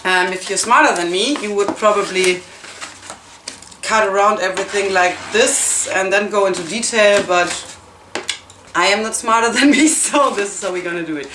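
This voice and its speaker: A woman's voice: mid-range voice, normal speed. A woman hosting a casual crafting tutorial at home, rambling, chatty and self-mocking as she works. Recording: roomy, distant, noisy home recording.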